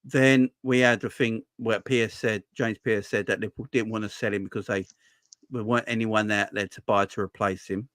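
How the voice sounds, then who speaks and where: A man's voice: lowish voice, fairly even intonation, normal speed, a bit bright, no echo, studio quality. A man hosting a casual football fan livestream, chatty and joking, often restarting his sentences. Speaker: fan channel host. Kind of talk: casual live stream chat.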